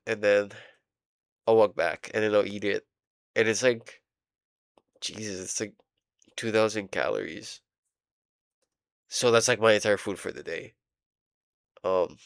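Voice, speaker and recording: Gravelly, low-voiced young man rambling. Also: no echo, studio quality. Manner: rambling, halting, full of "like" and "um", swears casually; playing a game while talking. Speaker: vlogger. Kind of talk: casual rambling diary vlog.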